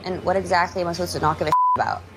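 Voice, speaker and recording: An actress playing a young female barista who talks with heavy vocal fry in a TV comedy scene. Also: fairly low pitch, fairly even intonation, rapid-fire, close to an everyday voice, poor audio. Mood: drawling.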